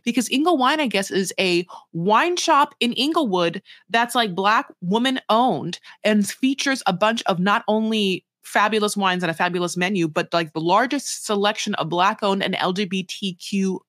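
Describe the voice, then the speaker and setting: A woman's voice: mid-range voice, normal speed, few pauses, fairly bright tone, no echo. A woman co-hosting a reality TV podcast, talking in loose, emphatic riffs. She keeps acting out little quoted asides. Her voice sits in a mid range and sounds dry and close. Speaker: podcast co-host. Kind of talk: casual chat.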